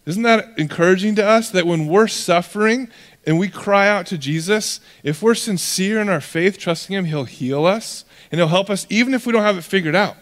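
A young man preaching a sermon as pastor, in a conversational, animated way that acts out characters. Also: high voice, moderate pace. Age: young adult. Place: church hall. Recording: long reverb of a church hall.

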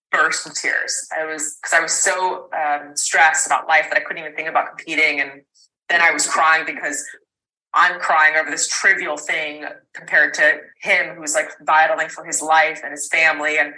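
A woman in her thirties with a low but bright, forceful voice tells a personal story as a podcast guest. She rambles, circles back with fillers and restarts, and swears now and then without minding. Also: flat delivery, moderate pace, rough recording.

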